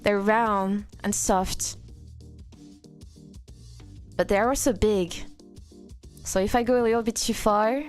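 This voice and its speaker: A woman's voice: mid-range voice, fairly even intonation, slow, pauses often, soft background music. A woman from France with a French accent, chatting playfully with her live-stream audience and answering chat.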